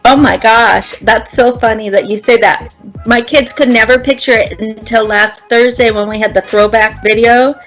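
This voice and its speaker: Animated Minnesotan woman teacher. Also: a little high, moderate pace, soft background music, rough recording. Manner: animated storytelling, acts out her students. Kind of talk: casual game show chat.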